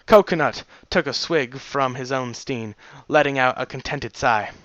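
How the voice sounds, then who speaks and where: A man's voice: medium pitch, measured pace, a bit bright, no room sound, dull audio. A man reading fan fiction aloud in a goofy, self-mocking way, joking between chapters. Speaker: amateur audiobook reader.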